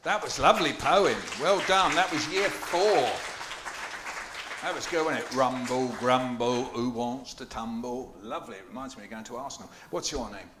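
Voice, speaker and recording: A man's voice: a little high, normal speed, a crowd in the background, noisy background. A man hosting a school poetry launch, playful and jokey, quizzing the children and performing for them in a hall. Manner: playful, jokey, animated, asks the children questions. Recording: echoey hall.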